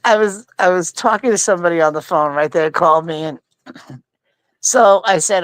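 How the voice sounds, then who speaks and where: A woman's voice: lowish voice, normal speed, no room sound. A woman co-hosting a casual political chat, teasing and retelling stories with laughter. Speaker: co-host of a live talk show.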